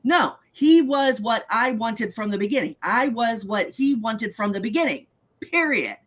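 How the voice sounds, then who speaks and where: A woman hosts a live talk show and makes her points bluntly and emphatically. Her voice sits fairly high and swoops lively up and down as she argues. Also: unhurried. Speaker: host. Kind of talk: live podcast chat.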